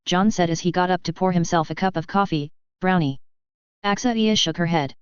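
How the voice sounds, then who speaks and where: A woman narrating a story in a steady, matter-of-fact way. Her voice is a little low. The recording is dry, with no room sound. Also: normal speed, smooth, no echo, lo-fi sound. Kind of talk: story reading.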